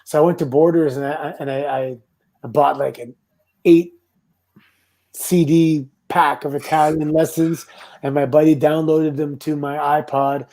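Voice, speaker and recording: A middle-aged man from Canada, a former wrestler, telling stories in a relaxed, casual interview. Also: on the high side, measured pace. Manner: relaxed anecdotal storytelling with laughs and quoted voices. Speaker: guest, former pro wrestler.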